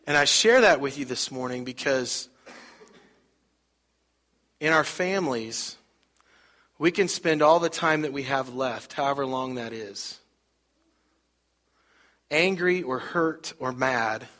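A man's voice: mid-range voice, slow pace, long pauses, sharp tone. A middle-aged man preaching a sermon, telling a story conversationally and putting rhetorical questions to the congregation. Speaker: pastor.

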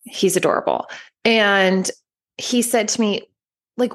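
A woman in her thirties co-hosting a casual podcast, chatty with quick asides and laughter. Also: medium pitch, a bit bright. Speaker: podcast co-host. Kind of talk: casual chat.

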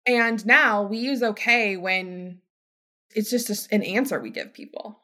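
Woman podcast host, healthcare type, chatty and emphatic, mid pitch, jumps way up when she quotes people. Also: a little slow, sharp tone. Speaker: healthcare provider. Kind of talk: casual podcast monologue.

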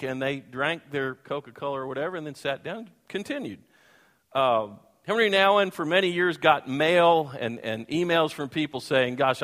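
Pastor guy telling a story from the pulpit, slightly high voice, acts out the voices, long echo from the hall. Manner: animated, acts out voices and sings. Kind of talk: storytelling sermon. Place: church hall.

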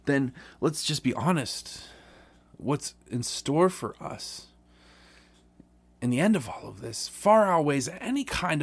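Earnest man giving a short sermon. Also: mid-range voice. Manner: earnest, conversational, with many restarts. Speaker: podcast preacher. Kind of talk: Bible reading and devotional sermon.

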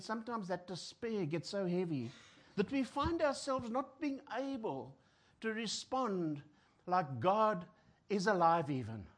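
A South African man preaching a sermon. He swings between loud, emphatic lines and hushed, near-whispered ones, and acts out the voices of people in despair. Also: high-pitched.

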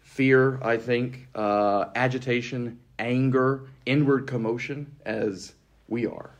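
A man discussing scripture in a measured, explanatory way, with frequent fillers. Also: medium pitch, steady tone. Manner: measured, explanatory, many likes and ums. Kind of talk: thoughtful conversational Bible discussion.

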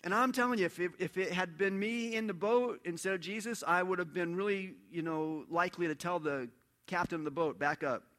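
A man preaching a sermon in an animated storytelling way, dropping to a hush and then rising loud. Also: high voice, fairly quick. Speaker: pastor.

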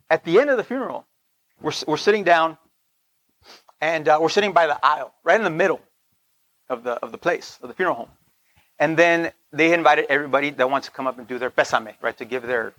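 High-voiced man telling a lively sermon story. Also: dry recording. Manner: animated storytelling with laughs and frequent "right?". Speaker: preacher.

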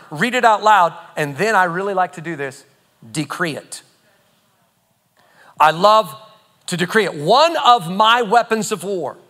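A man preaching a sermon, emphatic and animated, often repeating phrases as he teaches. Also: high voice. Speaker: pastor.

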